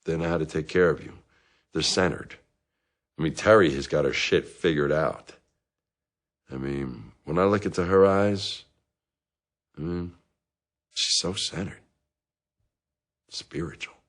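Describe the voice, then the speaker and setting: An actor plays a self-pitying divorced dad in therapy, deep and low in voice. He rambles and justifies himself in a comic monologue, and now and then he flares up in anger. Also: measured pace, pauses often. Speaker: therapy patient.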